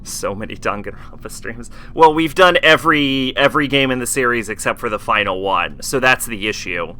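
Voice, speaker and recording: A man's voice: mid-range voice, normal speed, sharp tone. A man streaming a game live, chatting casually in a rambling way, full of fillers and swearing.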